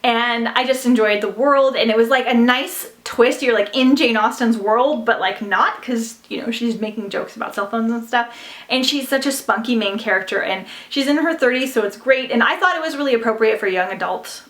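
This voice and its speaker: A woman's voice: on the high side, normal speed, a bit bright. A young woman chatting casually about books she listened to, gushing and full of fillers. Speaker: book vlogger. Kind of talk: casual book review chat. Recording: roomy echo.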